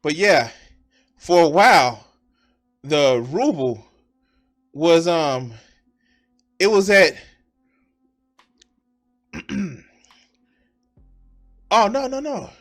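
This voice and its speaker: High-pitched profane ranting man. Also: big pitch swings, extremely slow, long pauses, soft background music. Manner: profane, emphatic, repeats phrases. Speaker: streamer. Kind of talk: ranting political commentary.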